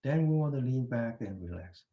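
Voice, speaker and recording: A man teaching a meditation class, gently guiding breathing and posture exercises with slow, drawn-out commands, then telling a chatty story. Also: mid-range voice, lively intonation, narrow, tinny audio. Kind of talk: guided exercise and anecdote in a class.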